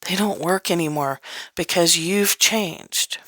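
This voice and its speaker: A woman with a fairly low voice talks in a candid, loose teaching style and breaks into laughter often. She swears casually. The recording is dry and close, with no room sound. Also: slow, a bit bright, dry recording. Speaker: podcast host.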